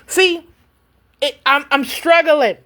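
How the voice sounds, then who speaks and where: A woman and self-published author in casual livestream chat from home, animated and chatty and talking directly to her viewers. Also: high-pitched, slow.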